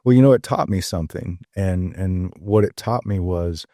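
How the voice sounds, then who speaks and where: An older man talks in a deep, mellow voice. He tells stories earnestly and folksily, pausing on ums. The sound is dry and close. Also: no room sound. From Tennessee. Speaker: guest. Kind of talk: casual storytelling interview.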